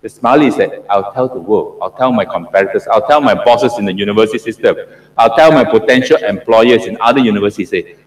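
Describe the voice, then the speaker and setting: Lively intonation and a slightly fast delivery mark this medium-pitched middle-aged man from Singapore, captured from a distance in an echoing lecture hall. As a professor covering PhD supervision, he keeps the session interactive by asking the audience questions and restating things for emphasis.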